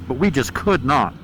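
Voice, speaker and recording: A man's voice: medium pitch, poor audio. A man, a motorcycle vlogger, chatting bluntly and profanely with rambling stories while riding outdoors on a helmet mic. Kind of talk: casual chat while riding. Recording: loud wind and road noise.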